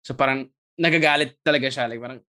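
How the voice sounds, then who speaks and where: A man's voice: medium pitch, rapid-fire, sharp tone. A young man from the United Kingdom, a guest actor, chatting casually and switching back and forth between English and Tagalog with lots of fillers. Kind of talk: casual chat.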